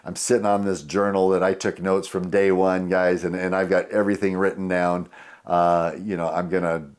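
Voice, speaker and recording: A man's voice: deep voice, flat delivery, normal speed, clear, resonant tone. A man in his sixties, a guest on a podcast, telling rambling anecdotes full of fillers. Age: 60s. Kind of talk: casual storytelling.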